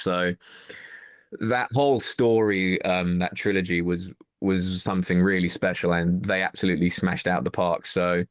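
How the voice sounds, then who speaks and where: A man's voice: deep voice, fairly even intonation, normal speed, no room sound, clean studio sound. A man, a wrestling promoter guest, chatting enthusiastically in a casual interview over a video call and rambling with restarts.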